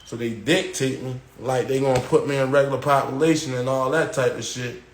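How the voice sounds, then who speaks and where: A man casually telling a long story on a live stream, dropping "yo" and "boom" as he goes and acting out the voices of others. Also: a little fast, reverberant, noisy background. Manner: animated retelling, acting out quoted guards and inmates with raised pitch; slangy, repeats "yo" and "boom". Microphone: phone.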